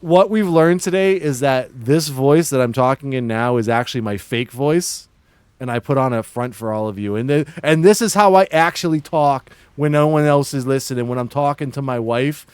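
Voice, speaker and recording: A man's voice: medium pitch, darkish tone, smooth, dry recording. A man from Massachusetts livestreaming, chatting with viewers in an exaggerated put-on Boston-New York accent and playfully ribbing them. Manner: joking, playfully ribbing chat. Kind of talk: casual livestream chat.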